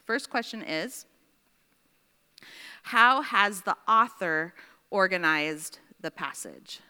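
A woman teaching a Bible study class, dictating slowly with repeated phrases and checking in with her listeners. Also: medium pitch, lively intonation, sharp tone, clean tone. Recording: long reverb in a large room.

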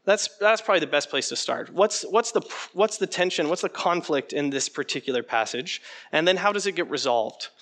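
Animated man teaching a workshop. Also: fairly high pitch, fairly quick. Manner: animated, conversational, asks the room questions. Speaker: preaching workshop instructor. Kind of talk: interactive teaching talk.

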